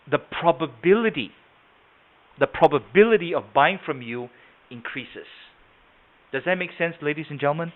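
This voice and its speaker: A man's voice: on the high side, expressive, moderate pace. A man running a live sales training webinar, explaining step by step and often checking in with "okay?". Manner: explains with frequent "okay?" check-ins and acted examples. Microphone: computer mic on a video call. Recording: tinny phone-like webinar audio.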